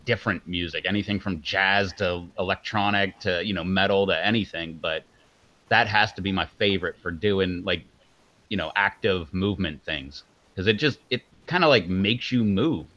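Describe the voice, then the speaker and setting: A man's voice: sits low, normal speed, pushed and bright. A man hosting a casual livestream, chatting in a rambling way with lots of fillers. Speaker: livestream host. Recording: dull lo-fi sound.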